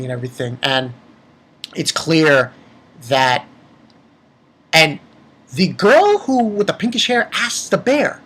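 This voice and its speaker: A man's voice: on the high side, animated, takes it slowly, pauses often, bright, forceful tone, a little hiss or hum. A man giving a casual spoken review of an episode. He rambles, swears freely and often restarts his sentences. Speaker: anime reviewer.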